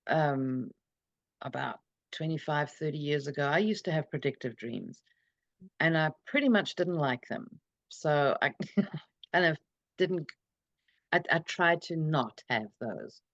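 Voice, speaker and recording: A middle-aged woman, an interview guest, telling her own story in a reflective, earnest, halting way over a video call. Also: fairly low pitch, no echo, highs cut off. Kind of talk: personal storytelling in a conversation.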